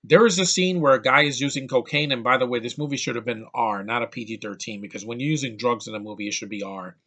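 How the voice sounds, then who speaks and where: A man's voice: medium pitch, fast, fairly bright tone. A man giving a ranting film review, exasperated and profane, often stumbling and restarting his sentences. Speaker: movie reviewer.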